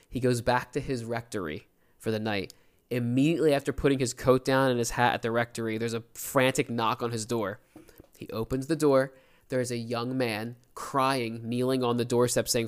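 Man telling a lively story, smooth voice. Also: mid-range voice, moderate pace. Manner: animated storyteller acting out quotes. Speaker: podcast co-host. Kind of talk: casual storytelling chat.

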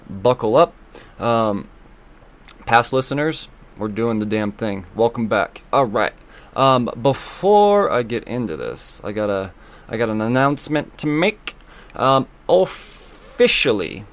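A man hosting a solo podcast, talking loosely and excitably, swearing often and filling gaps with ums and uhs. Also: mid-range voice. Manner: loose, profane and excitable, with many fillers. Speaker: podcast host. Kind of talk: casual solo podcast talk.

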